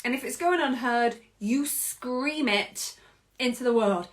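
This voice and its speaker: A British woman in her thirties hosting a podcast, speaking in an expressive reflective monologue and often laughing. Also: fairly high pitch, measured pace. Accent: British English. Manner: expressive, acts out quoted voices, laughs often. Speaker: podcast host.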